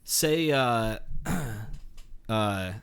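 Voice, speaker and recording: A man's voice: lowish voice, animated, extremely slow, fairly bright tone, slight background noise. A young man co-hosting a comedy podcast, laid-back as he feeds prompts and laughs along. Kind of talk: improvised comedy banter.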